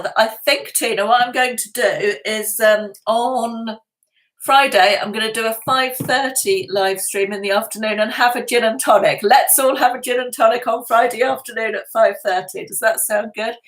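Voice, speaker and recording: A woman's voice: a little high, fairly even intonation, normal speed, fairly bright tone, low-quality recording. A woman, hosting a casual live stream from home, chatting and greeting viewers by name with frequent laughs. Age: 50s. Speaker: lifestyle channel host. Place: at home indoors.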